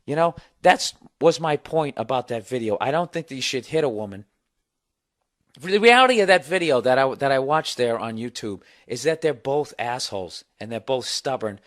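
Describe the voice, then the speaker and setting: A middle-aged man at home, telling a bar story in a profane, sarcastic, animated rant as a podcast host. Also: medium pitch, moderate pace. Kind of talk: ranting storytelling.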